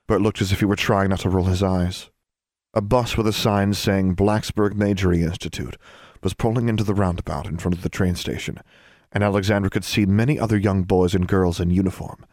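A man narrating a fan fiction story as an audiobook, with steady, even storytelling. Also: deep voice, brisk, dry recording, studio quality.

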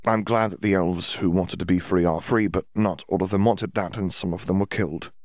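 A man's voice: deep voice, steady tone, fairly quick, darkish tone, no echo, studio quality, close to an everyday voice. A man reading aloud and voicing a clever, earnest teenage witch in a precise, clipped manner. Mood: troubled.

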